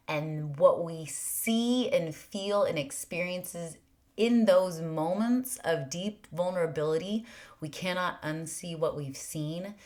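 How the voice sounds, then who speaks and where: A woman with a low voice talks slowly and thoughtfully through a spiritual reflection. She piles up earnest rhetorical questions and now and then sinks into a breathy near-whisper. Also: a bit bright. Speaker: podcast host.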